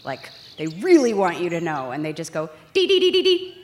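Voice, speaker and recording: A woman's voice: deep voice, brisk. A woman from Vermont hosting a live stage show, playfully leading the audience. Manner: lively, playful, leads audience. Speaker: host. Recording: hall reverb, faint noise.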